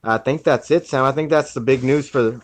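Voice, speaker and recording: A man guest on a live online podcast, chatting in a halting way with frequent restarts. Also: mid-range voice. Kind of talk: casual podcast chat.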